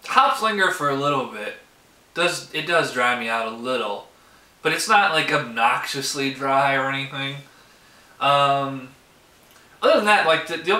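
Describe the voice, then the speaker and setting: A man's voice: medium pitch, sharp tone. A man hosting his own beer review show, talking casually and rambling with lots of fillers as he tastes. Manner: rambling, heavy use of "like" and "um". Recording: roomy echo.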